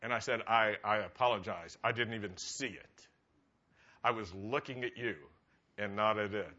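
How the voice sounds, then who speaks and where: A man's voice: fairly low pitch, normal speed, sharp tone, lo-fi sound. A man preaching a humorous sermon as a rabbi, chatty and often laughing at his own jokes.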